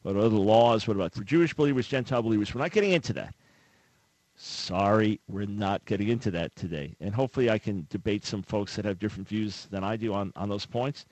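A man's voice: on the low side, fast talker, a little mellow, no room sound, poor audio. A man hosting a radio call-in talk show, speaking in an earnest, conversational way on a studio microphone. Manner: earnest, conversational, acts out imagined callers.

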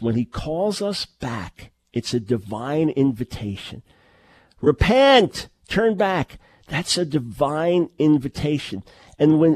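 A middle-aged man delivers a teaching sermon, pressing his point with repeated rhetorical questions and quick restarts. His voice sits at an ordinary male pitch. The sound is dry and close, with no room echo. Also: a little mellow, breathy edge. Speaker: preacher.

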